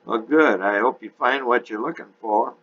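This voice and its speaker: A man voicing a friendly older gentleman with a Texas drawl, in a dull lo-fi recording. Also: medium pitch, moderate pace, pitched above the performer's own voice, lightly acted. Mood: genial. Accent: Texan. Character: short older Texan gentleman in a suit, smooth and friendly.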